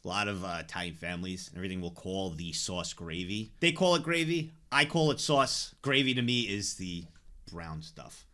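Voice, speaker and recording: A man's voice: low voice, animated, moderate pace, bright, forceful tone, slight background noise. A man streaming, reacting to viewer clips with blunt, exasperated, sweary commentary.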